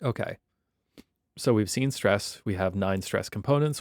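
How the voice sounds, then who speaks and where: Male university lecturer, gravelly, relaxed and wry, dry close recording. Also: lowish voice, moderate pace, no echo. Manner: wry, conversational explaining.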